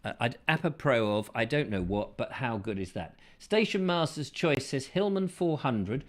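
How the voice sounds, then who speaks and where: A man hosting a casual chat show, reading out viewer comments with playful, silly asides and sudden falsetto bursts. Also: lively intonation, normal speed.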